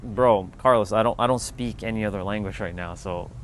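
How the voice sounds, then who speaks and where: A man hosting a casual livestream, relaxed and easygoing as he answers chat comments one by one. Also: fairly low pitch, brisk, slight background noise. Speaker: livestream host.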